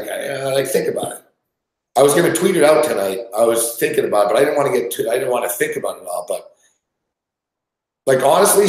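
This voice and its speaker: Profane, exasperated man ranting in an echoey room. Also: mid-range voice. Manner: swears constantly, frustrated and exasperated, shouting at players. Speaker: sports betting show host. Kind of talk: profane live sports rant.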